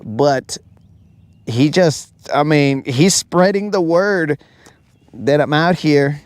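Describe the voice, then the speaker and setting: A man's voice: a little high, slow pace, dry recording. A man hosting a live fishing stream from a boat outdoors, chatting casually and bantering jokingly with his viewers.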